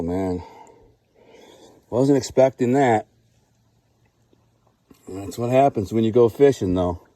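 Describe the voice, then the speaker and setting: A man talks casually to a camera outdoors. His voice sits low and mellow. He rambles with excitement and often says things twice. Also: no room sound. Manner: excited, rambling, repeats himself. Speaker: vlogger. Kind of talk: casual outdoor vlog narration. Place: outdoors by a river.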